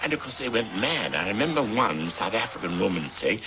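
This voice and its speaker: A man's voice: fairly low pitch, sing-song, brisk, hardly any pauses, bright, forceful tone, slight background noise. A man recalling events in an interview, telling the story emphatically and dramatically. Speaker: interviewee, former settler politician. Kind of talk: recounting a memory in an interview.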